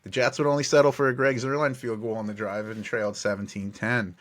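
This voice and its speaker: A man's voice: on the low side, level tone, quick pace. A man hosting a sports podcast, recapping football games in an upbeat play-by-play way and often correcting himself mid-sentence. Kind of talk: game recap narration.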